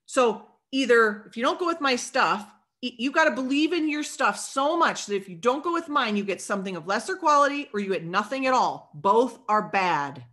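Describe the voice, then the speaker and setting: A woman in her forties leads her sales team in a motivational talk, bright and forceful in tone. Her voice sits a little high, and she drives her points home like a preacher, acting out bits of sales dialogue along the way. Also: lively intonation, brisk, few pauses.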